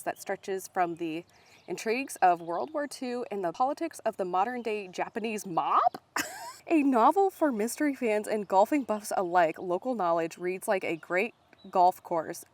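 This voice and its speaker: A bubbly young woman chats on a handheld camera outdoors, browsing book boxes in a park. She talks with eager excitement, laughs easily and reads book blurbs aloud in a middle-pitched voice. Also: no echo. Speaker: vlogger. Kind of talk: casual vlog, reading book blurbs aloud. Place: outdoors at little free libraries in a park.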